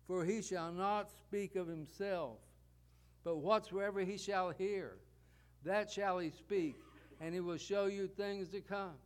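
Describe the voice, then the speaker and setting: A man's voice: sits high, fairly even intonation, measured pace. A man preaching a sermon, building points with rhetorical questions and repeated parallel phrases.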